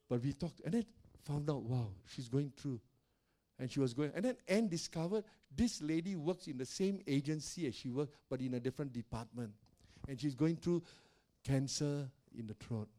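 An older man, a pastor, telling stories in a sermon in a loud, animated way, often laughing and acting out the voices of the people he quotes. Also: on the high side, normal speed. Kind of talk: sermon storytelling.

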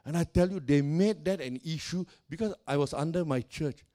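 A middle-aged man preaching a lively storytelling sermon, laughing often and swinging between loud and soft. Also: fairly high pitch, normal speed. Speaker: pastor.

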